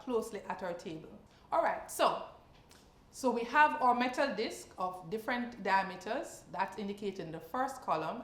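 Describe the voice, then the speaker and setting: A woman teacher at a middle pitch talks through a science practice question one step at a time. She keeps asking her listeners short checking questions as she goes. Her voice carries a clear echo from the room. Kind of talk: exam practice lesson.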